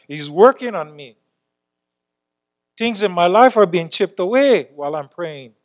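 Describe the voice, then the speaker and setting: A man preaching as a church elder, earnest, often asking the congregation "Amen?" and building to fervent, emphatic prayer. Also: sits high. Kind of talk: sermon.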